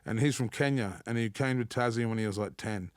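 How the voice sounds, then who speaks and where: A man's voice: on the low side, brisk, no echo. A man from Australia with an Australian accent, a rapper talking as a guest on a podcast, swearing freely and often tagging "you know what I mean". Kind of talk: casual podcast chat.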